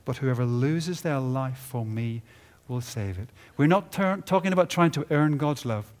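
In a conference hall, a man preaches a sermon at an animated, moderate pace. He builds to loud, emphatic peaks, then lets his phrases fall low and quiet at their ends.

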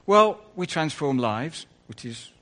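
A man's voice: on the high side, big pitch swings, slow, bright, forceful tone. Man preaching a chatty sermon. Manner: conversational, rambling asides, self-correcting. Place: church.

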